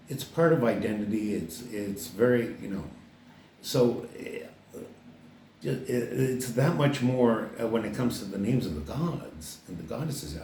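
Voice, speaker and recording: A man's voice: lowish voice, a little mellow, slight background noise. An older man from Canada, an author talking casually to camera about his book, rambling with many fillers and restarts. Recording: roomy echo, distant mic.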